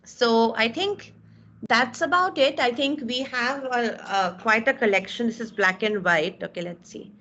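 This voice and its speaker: Indian English woman instructor, slow-spoken, fairly high, dull video-call audio; encouraging. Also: bright, forceful tone. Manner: encouraging, effusive praise, calls out names. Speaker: webinar instructor. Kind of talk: live online class, reviewing student work.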